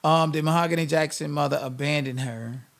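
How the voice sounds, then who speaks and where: A man's voice: a little high, steady tone, a little fast, a bit bright. A man hosting a live-stream commentary channel, ranting in a blunt, sassy, emphatic way.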